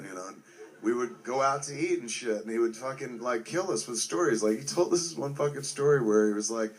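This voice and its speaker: A man's voice: medium pitch, fairly quick. Profane, rambling middle-aged man. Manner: profane, rambling, heartfelt, heavy on fillers like "like" and "man". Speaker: filmmaker remembering a friend. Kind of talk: casual spoken tribute.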